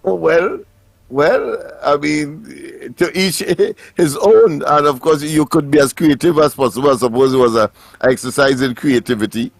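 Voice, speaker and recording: A man commenting on a talk radio show in a wry, measured way. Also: fairly high pitch, vocal fry, dry recording. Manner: wry, measured, dry chuckles.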